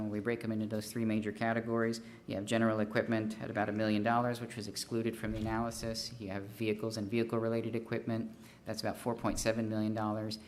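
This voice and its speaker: A man's voice: lowish voice, slight background noise. A man consultant giving a formal presentation at a city council meeting, methodical and figure-heavy, with frequent fillers and restarts. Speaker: consultant presenting a fee study.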